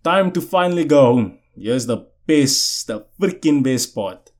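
A young man in casual conversational storytelling, speaking at a middle pitch. He hosts his own podcast from a chair and talks in a loose, chatty way, filling his sentences with "you know what I'm saying". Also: animated, a little slow, a little mellow. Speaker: podcast host. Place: indoors, seated.

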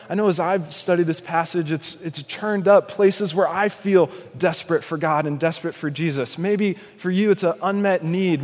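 A man preaching a sermon, dramatically acting out shouted cries and slowing to a hush on key points. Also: high-pitched, in a large hall. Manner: slows and softens on key points. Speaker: pastor.

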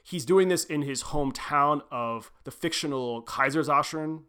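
A man's voice: fairly high pitch, moderate pace, bright, forceful tone, clean tone. A young adult man co-hosting a literary podcast, talking casually and loosely, with lots of "like" and restarts. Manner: rambling, self-correcting, frequent "like" and "um". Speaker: podcast co-host.

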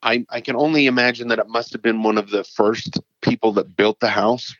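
A man's voice: medium pitch, steady tone, brisk, a bit bright, no echo. A middle-aged man from Utah, a paranormal author, telling his stories in a casual, earnest and rambling way as an interview guest. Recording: dull lo-fi dry sound.

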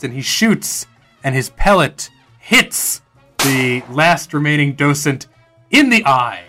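A man's voice: fairly high pitch, animated, slow pace, sharp tone, soft background music. A man narrating as game master for a tabletop game, in a casual, hesitant way.

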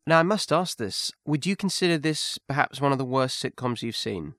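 A man's voice: medium pitch, animated, moderate pace, fairly bright tone, no echo, clean studio sound. A man co-hosting a podcast who asks questions and teases his co-host in a casual chat.

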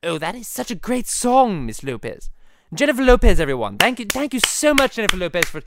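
A man with a Boston accent hosting a rambling comedy podcast, crude, giggly and easily excited. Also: high voice, brisk, heavy background noise.

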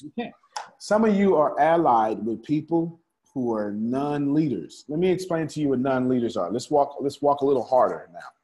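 A man's voice: mid-range voice, very animated, moderate pace, mellow. A man leading a live group lesson, repeating his points and calling on listeners by name. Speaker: teacher of a study group. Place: room with a small live audience.

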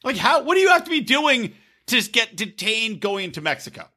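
A man's voice: extremely high pitch, big pitch swings, moderate pace, pushed and bright, husky. A man co-hosting a podcast, chatting casually about reality TV, acting out quotes and cracking crude jokes. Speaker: podcast co-host. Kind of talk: casual chat recapping reality TV.

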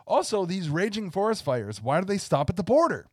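A man's voice: sits high, sing-song, brisk, husky, dry recording, clean studio sound. A man from Canada co-hosting a political podcast, delivering a sarcastic rant that he partly reads aloud. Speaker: podcast co-host. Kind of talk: casual political chat.

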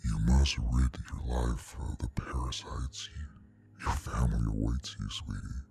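An evil shadow spirit with a very deep, gravelly growl. He coaxes slowly and menacingly, with faint music underneath. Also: steady tone, darkish tone, exaggerated voice. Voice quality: low growling. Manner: menacing, coaxing.

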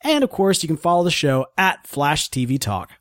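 A man's voice: a little high, sing-song, normal speed, no room sound, studio quality. A man co-hosting a casual podcast, joking around and reading out show plugs. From American South. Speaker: podcast co-host. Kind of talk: casual chat.

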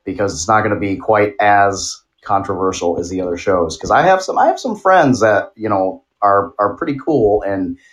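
Rambling, giggly man with a low voice. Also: animated, moderate pace, hardly any pauses. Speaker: podcast co-host. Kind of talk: casual chat.

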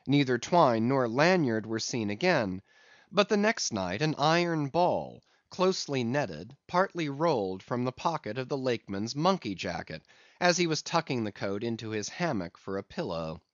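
Male audiobook narrator, lively and expressive, dry close sound, dull lo-fi. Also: mid-range voice, moderate pace, dry recording. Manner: expressive, storytelling. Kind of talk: scripted narration of a classic novel.

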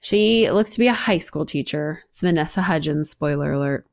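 A woman's voice: low-pitched, lively intonation, moderate pace, creaky. Sarcastic blunt woman podcast co-host. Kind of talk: casual movie recap chat.

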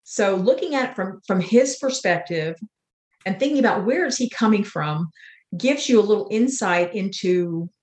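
An older woman, an author and interview guest, talking in an earnest, unhurried way and telling spiritual stories. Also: medium pitch, lively intonation, a little mellow. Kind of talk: reflective interview talk. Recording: roomy echo.

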